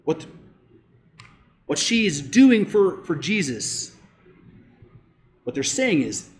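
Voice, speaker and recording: A man preaching a sermon as pastor, emphatic, rising on key points and dropping low and slow to press them home. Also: big pitch swings.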